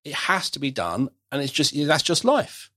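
A man's voice: medium pitch, wildly swooping pitch, normal speed, a bit bright, no echo. Middle-aged man, podcast host, casual and self-deprecating, dry close sound. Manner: chatty, self-deprecating, frequent restarts. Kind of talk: casual conversational chat.

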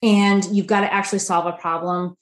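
A woman guest on a podcast explaining marketing in a lively, conversational way, full of rhetorical questions. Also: medium pitch, fairly quick. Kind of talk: conversational interview answer. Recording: roomy echo.

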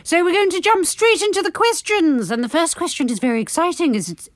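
A woman's voice: extremely high pitch, lively intonation, fairly quick, no echo, clean studio sound, pitched above the performer's own voice. A woman voicing a theatrical female mystic who practices bibliomancy, talking in a grand, breezy, self-important manner on an improvised comedy podcast. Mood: grandiose.

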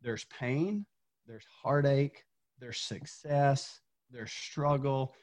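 A man's voice: medium pitch, very slow, a little mellow. A man from Tennessee, a former coach, telling an earnest motivational story as a podcast guest, repeating words when fired up.

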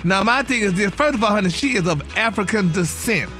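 A man's voice: sits high, lively intonation, a little fast, sharp tone, faint music behind. A man hosting a celebrity gossip segment in a flamboyant, sassy manner, calling everyone honey and y'all. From United States.

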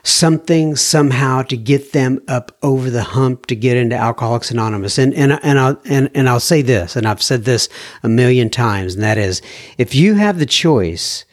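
A man hosting a podcast, reading out listener messages in a casual, halting way and often repeating words as he starts a sentence. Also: mid-range voice, expressive. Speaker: podcast host.

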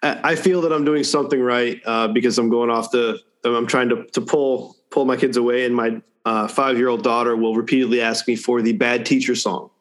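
A man's voice: mid-range voice, steady tone, brisk, hardly any pauses. A man talks in casual conversation with a dry, wry manner. He often stammers on the first words of a sentence, repeating them before finding his way. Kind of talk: casual chat.

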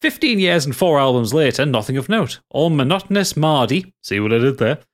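A man's voice: a little high, sing-song, brisk. A man with a Geordie accent, co-hosting a casual podcast, reading listener messages aloud and joking along the way. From North East England. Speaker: podcast co-host.

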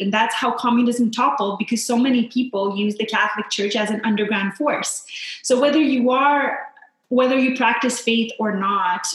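A woman from Poland, a guest on a podcast, telling personal stories in an earnest, reflective way. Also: a little high. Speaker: guest, founder and coach for mothers. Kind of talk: heartfelt podcast interview. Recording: very echoey room.

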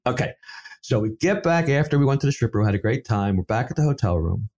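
Lively, animated male storyteller. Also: medium pitch, fast. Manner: animated storyteller, acts out quoted dialogue. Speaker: safety professional and seminar speaker. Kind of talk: conversational interview storytelling.

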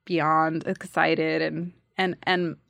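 A woman guest telling a story in casual chat, acting out the quotes in lively bursts. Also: low-pitched, slow, vocal fry, dry recording, studio quality. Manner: animated, acts out quotes.

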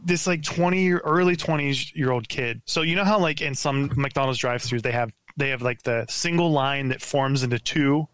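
A man guesting on a podcast, telling a story in a lively, profane way full of stammered restarts, over a remote call mic. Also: mid-range voice, moderate pace, few pauses, clear, resonant tone, no room sound. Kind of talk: casual podcast chat.

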